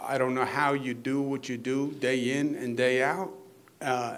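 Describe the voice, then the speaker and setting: A man speaking as a governor at a hospital event, talking off the cuff with teasing jokes and earnest praise. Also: medium pitch. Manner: joking, teasing asides mixed with earnest praise. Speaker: state governor giving a speech. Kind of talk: off-the-cuff public speech.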